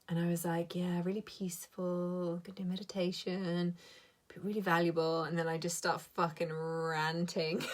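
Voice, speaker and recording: Sweary, laughing woman in her thirties. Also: mid-range voice. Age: 30s. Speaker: coach. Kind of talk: live stream rant.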